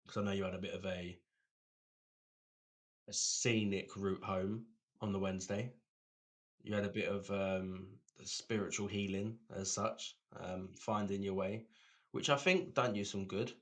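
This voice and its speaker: Deep-voiced podcast co-host. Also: male voice, fairly even intonation, unhurried. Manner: rambling, repeats words, laughs often. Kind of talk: casual chat.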